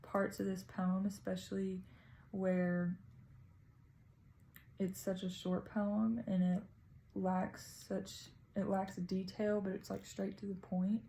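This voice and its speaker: A woman's voice: mid-range voice, little pitch movement, takes it slowly, creaky, mellow, a little hiss or hum, low-quality recording. A woman casually talking through her reading of a poem, tentative and thinking aloud as a student presenting. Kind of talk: casual spoken poem analysis.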